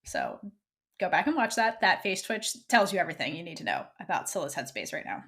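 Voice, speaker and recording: A woman's voice: fairly low pitch, huge pitch swings, a little fast, a bit bright. A woman co-hosting a podcast, casually recapping a TV episode and acting out the characters' lines. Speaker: podcast co-host.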